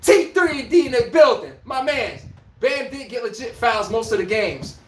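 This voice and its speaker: A man's voice: very high voice, expressive, moderate pace. A man hosting his own podcast, ranting about basketball with profanity and rhetorical questions, speaking. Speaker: podcast host. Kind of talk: ranting sports commentary. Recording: echoey room.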